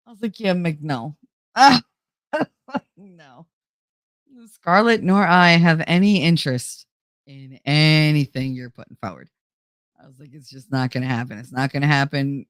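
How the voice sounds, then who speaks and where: A woman's voice: sits low, moderate pace, long pauses, no echo, studio quality. A woman hosting her own show, chattily retelling a story and quoting what was said, while feeling unwell. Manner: chatty, animated retelling with quoted dialogue. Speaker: host. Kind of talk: casual storytelling chat.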